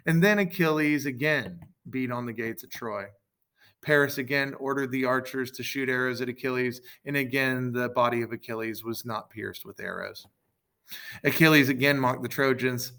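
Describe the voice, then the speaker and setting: A man's voice: mid-range voice, moderate pace, bright, forceful tone. A man reading a story aloud in a casual way, with stumbles, self-corrections and joking asides. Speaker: reader.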